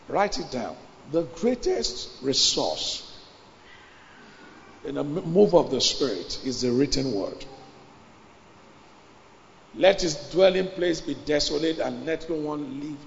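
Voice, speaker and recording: A man preaches with a high, gravelly voice, driving his points home and repeating phrases as he builds to shouts. The sound is dull and lo-fi, with long reverb from a large hall. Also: expressive, slow, pauses often, a little hiss or hum. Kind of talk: sermon.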